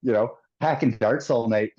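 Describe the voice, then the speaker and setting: A man's voice: mid-range voice, normal speed, dark tone, muffled recording. A man with a Canadian accent, a guest on a podcast, talking in a laid-back way, laughing easily and swearing. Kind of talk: casual chat.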